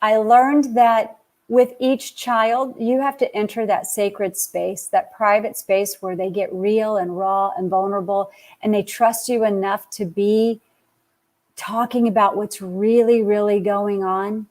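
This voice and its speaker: A middle-aged woman, an author and speaker on parenting, answers in a conversational interview and acts out quoted dialogue as an animated storyteller. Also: medium pitch, unhurried.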